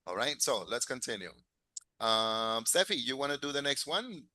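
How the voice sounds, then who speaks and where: A man's voice: medium pitch, big pitch swings, normal speed, pushed and bright, no echo. A man teaching an English class, encouraging his students, drilling phrases and chuckling often.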